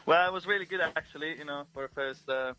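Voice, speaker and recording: A man's voice: on the high side, fast, over music, rough recording. A man talking as a guest musician on a radio show, cheerful and laughing easily. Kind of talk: casual interview chat.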